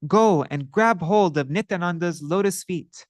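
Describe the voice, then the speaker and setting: A man voicing a stern divine lord who pronounces judgment in a firm, measured way. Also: high-pitched, no room sound, clean studio sound.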